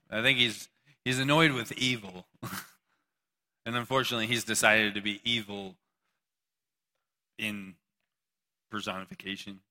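A man's voice: lowish voice, pushed and bright. A man preaching a casual, joking sermon to a live group, asking questions and talking back with listeners. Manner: casual, joking, talks to the audience.

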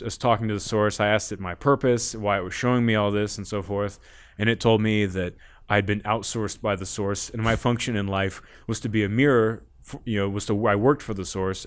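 A man guest on a podcast, telling a rambling story in casual talk, often laughing and swearing. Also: on the low side.

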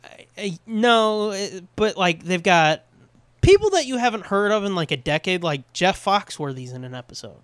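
A man co-hosting a podcast, chatting casually with lots of swearing and quick voice impressions. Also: sits high, smooth, no room sound. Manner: animated, swears a lot, mimics voices. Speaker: podcast co-host. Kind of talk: casual profane chat.

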